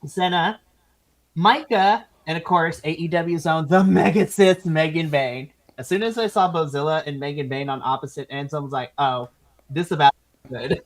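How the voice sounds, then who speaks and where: A woman's voice: lowish voice, poor audio. A woman hosting a casual wrestling recap, gushing over favorites and laughing often. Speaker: podcast host.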